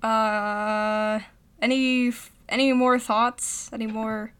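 A woman's voice: a little high, little pitch movement, slow, a bit bright, clean tone. Giggly young woman podcast co-host. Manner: laughs often, trails off with ums. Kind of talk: casual chat reviewing comedy sketches.

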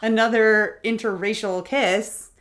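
A woman's voice: medium pitch, fairly even intonation, unhurried, a bit bright. A woman co-hosting a casual chat podcast, opinionated, swearing freely and laughing often. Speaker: podcast co-host.

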